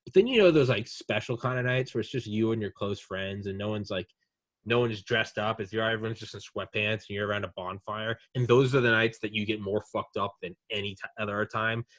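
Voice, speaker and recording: A man's voice: lowish voice, brisk, fairly bright tone, no echo. A young man hosting a casual podcast chat, rambling and swearing as he spins a story. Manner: rambling, profane, acts out drunk aliens in quotes. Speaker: podcast host.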